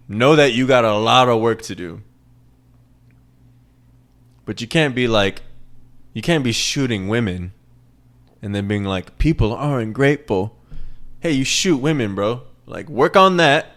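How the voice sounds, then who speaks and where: Profane rambling man, low voice. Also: fairly bright tone. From American South. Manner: profane, rambling, repeats lines for emphasis. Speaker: podcast host. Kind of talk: casual solo podcast rant.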